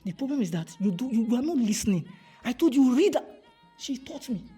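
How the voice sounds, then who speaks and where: A woman's voice: fairly high pitch, very animated, a little fast, dark tone, faint music behind. A Nigerian woman giving an emphatic motivational talk, repeating key phrases and slipping into pidgin. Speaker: motivational speaker.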